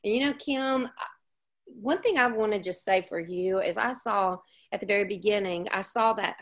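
A woman hosting a casual Christian women's ministry chat, effusive and encouraging, with rambling restarts and warm laughs. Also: mid-range voice, moderate pace.

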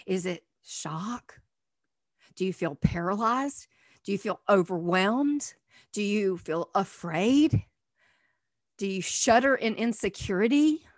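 A middle-aged woman minister giving an earnest teaching sermon, asking many rhetorical questions and swinging from soft to emphatic. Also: medium pitch, expressive, takes it slowly, dry recording, clean studio sound.

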